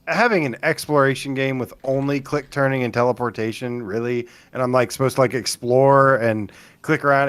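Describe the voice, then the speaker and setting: An opinionated man co-hosting a casual gaming podcast, talking in quick bursts and cutting himself off mid-thought. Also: mid-range voice. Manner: opinionated, animated, self-interrupting. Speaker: podcast co-host.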